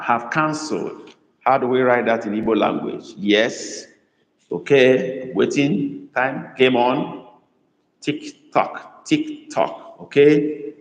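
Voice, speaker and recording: Male language tutor in a live class, unhurried and repetitive, echoey room with a long reverb. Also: medium pitch. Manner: slow, repeats phrases, coaxes students. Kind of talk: live online lesson.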